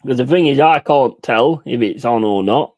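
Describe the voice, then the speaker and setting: A man's voice: mid-range voice, moderate pace. Sweary man ranting on stream. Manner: sweary, ranting, swings between loud outbursts and mumbling asides. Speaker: streamer hosting a football watch-along. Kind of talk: casual live-stream chat.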